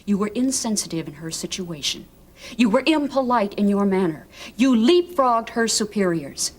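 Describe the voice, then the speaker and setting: A woman's voice: mid-range voice, expressive, moderate pace, natural voice. A woman playing a stern senior hospital matron. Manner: stern and reproachful. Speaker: senior hospital staff member. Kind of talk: daytime TV drama acting.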